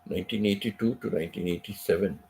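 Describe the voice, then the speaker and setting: A middle-aged man hosts a live stream in easy, rambling chat, circling back to repeat himself and tossing in frequent asides. His voice sits very low with a gravelly, fry-heavy edge, and he sounds a little under the weather. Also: fast, dark tone, slight background noise. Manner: rambling, repeats phrases, many "you know" asides. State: unwell, recovering from sickness. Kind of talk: casual chat.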